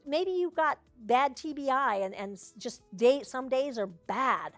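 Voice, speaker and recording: High-voiced woman dog trainer. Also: lively intonation, unhurried, soft background music. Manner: chatty and down-to-earth, with joking asides. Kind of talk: hands-on training class instruction.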